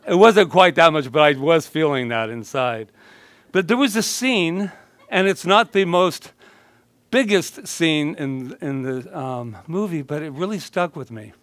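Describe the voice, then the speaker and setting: Playful minister giving a chatty sermon. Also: male voice, a little high, expressive, moderate pace, a bit bright. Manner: playful, chatty, laughing often. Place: church sanctuary.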